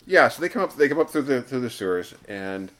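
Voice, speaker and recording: A man co-hosting a casual podcast chat, adding wry comments and quick asides. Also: medium pitch, big pitch swings, fairly bright tone. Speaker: podcast co-host.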